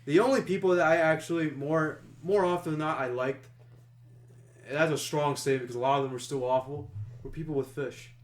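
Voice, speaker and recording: A podcast co-host who tells stories at an easy, rambling pace, stacking up "like" and starting sentences over. His voice sits a bit high for a man. The recording has a roomy echo around him. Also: fairly even intonation, brisk. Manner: rambling, full of "like" and restarts. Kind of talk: casual storytelling chat.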